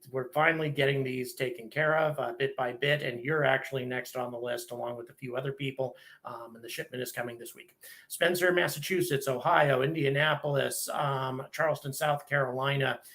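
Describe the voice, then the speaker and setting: A man's voice: medium pitch, fairly bright tone. An American man hosting a casual live stream, reading out viewers' locations and thanking them one by one, with frequent ums and restarts.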